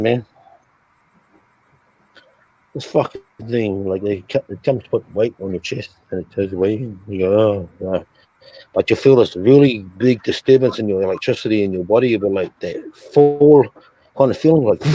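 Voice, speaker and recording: Swearing as he goes, a streamer spins a casual story in a husky voice on the low side, speaking at a moderate pace. He is animated, acting out sounds and how he reacted, over dull lo-fi stream audio.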